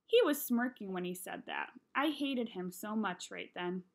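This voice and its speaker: A woman reading a children's novel aloud, with expressive storytelling and brief voices for the characters. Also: mid-range voice, unhurried, vocal fry, hardly any pauses.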